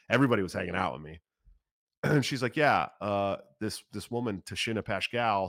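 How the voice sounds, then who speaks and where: A man in his thirties tells a personal story in a low voice, swearing freely and talking fast. His delivery is animated and casual. The recording is dry and close, with no room sound. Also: no echo. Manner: profane, animated, talks fast. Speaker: political candidate.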